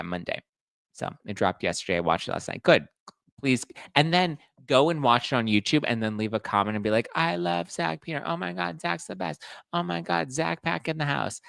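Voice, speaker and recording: Male podcast host, casual and chatty gossip style, low gravelly tone, dry booth sound. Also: fairly bright tone, no room sound. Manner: chatty, reads audience comments aloud. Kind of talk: casual pop-culture gossip chat.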